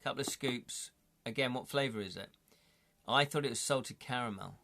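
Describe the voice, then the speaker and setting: Chatty and full of jokes, a man streams himself reading a gamebook, talking to chat and laughing often. He speaks at a moderate pace in a medium-pitched voice that's gravelly with a sharp tone.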